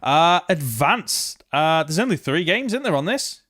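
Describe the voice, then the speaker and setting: A man's voice: on the high side, sing-song, unhurried, a bit bright, no echo, studio quality. A young man co-hosting a casual podcast, telling stories and laughing often. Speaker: podcast co-host. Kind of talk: casual chat.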